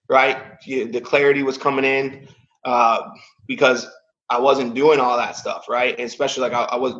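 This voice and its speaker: A man's voice: mid-range voice, fairly bright tone, lo-fi sound. A man in his thirties, a podcast guest, telling a personal story in a casual, emotional way, with "man" and "like" in almost every line. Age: 30s.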